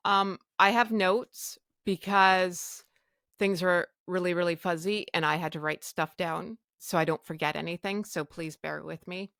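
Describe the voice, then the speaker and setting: Gravelly low-voiced woman. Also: steady tone, a little slow, fairly bright tone, no room sound, studio quality. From Canada. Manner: blunt, frank, acts out quoted dialogue. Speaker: podcast host. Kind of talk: candid personal storytelling.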